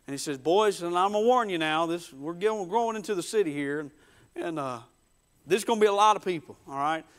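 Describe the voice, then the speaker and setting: A man preaching a dramatic storytelling sermon, folksy, swinging from hushed murmurs to loud bursts. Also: high voice, lively intonation, fairly quick, smooth.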